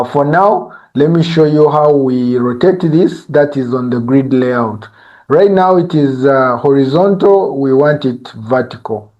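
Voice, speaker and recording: A male instructor giving a live software tutorial, talking conversationally and often checking in with "eh?" and "you see?". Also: a little high, muffled recording.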